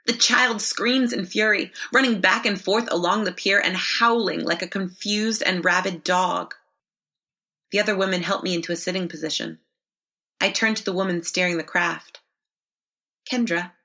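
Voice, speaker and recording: Bright-voiced woman narrating a story. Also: medium pitch. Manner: measured, expressive reading. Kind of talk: scripted first-person narration.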